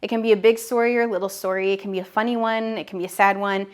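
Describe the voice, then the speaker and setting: A woman's voice: medium pitch, steady tone, rapid-fire, clear, resonant tone. A woman in her thirties teaching business owners directly to camera, upbeat and direct, talking straight to the viewer. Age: 30s. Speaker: online business educator.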